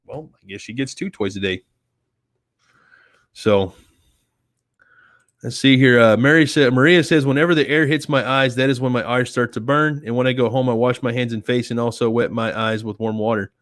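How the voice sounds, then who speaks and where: A man's voice: medium pitch, fairly even intonation, normal speed, no echo, clean studio sound. Rambling chatty man on a stream. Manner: rambling, chatty, talks to his cat in a soft baby voice. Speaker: live stream host. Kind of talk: casual live-stream chat. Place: home studio with softbox light. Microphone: desk microphone on a stand.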